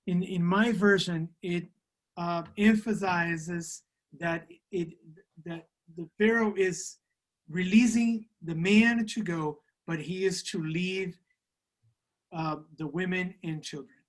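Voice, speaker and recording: A man's voice: high voice, steady tone, takes it slowly. A man interpreting a church class and reading scripture aloud, careful and hesitant, with many fillers, over a video call.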